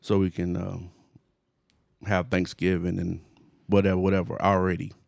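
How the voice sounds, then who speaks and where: A man in his forties telling a story in casual chat, animated, laughing often, with slangy phrasing. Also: low-pitched, moderate pace, gravelly, no room sound, studio quality. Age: 40s.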